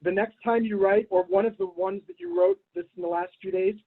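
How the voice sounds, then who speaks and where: A man's voice: sits high, very animated, brisk, gravelly, husky. A man hosting an online community meeting in casual chat, rambling and giving blunt advice over a video call. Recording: tinny phone-like line.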